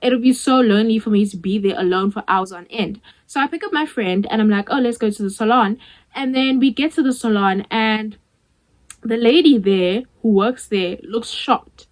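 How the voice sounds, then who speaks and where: A woman's voice: on the high side, normal speed, low-quality recording. A young South African woman in her twenties telling a storytime vlog in a chatty way, acting out the dialogue with many "like" fillers. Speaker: vlogger.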